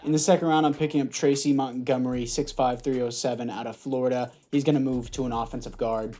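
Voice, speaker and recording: A man's voice: mid-range voice, fairly even intonation, quick pace, warm tone. A young man giving casual, sarcastic commentary over a sports video game to his viewers, on a headset mic. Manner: offhand, sarcastic, talks to viewers. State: throat catching, clearing throat. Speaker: gaming YouTuber.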